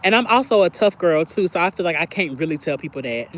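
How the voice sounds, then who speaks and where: Here a livestream host talks fast and expressively, her voice on the low side. She reacts to her viewers in casual, candid chat, confessional in tone and heavy on filler words.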